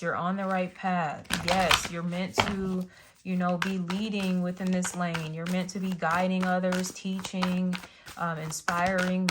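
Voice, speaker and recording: A woman reads tarot messages at an unhurried, drawn-out pace, her voice sitting a little low. She rambles, pausing on fillers and restarting her sentences. A clear hiss of noise sits under the recording. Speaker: tarot reader. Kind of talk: casual spiritual reading.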